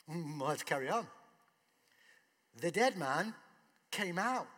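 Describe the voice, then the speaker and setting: Conversational preacher man, bright voice. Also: fairly high pitch, lively intonation, takes it slowly, long pauses, in a large hall. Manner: conversational preaching, rhetorical questions. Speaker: pastor. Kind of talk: sermon.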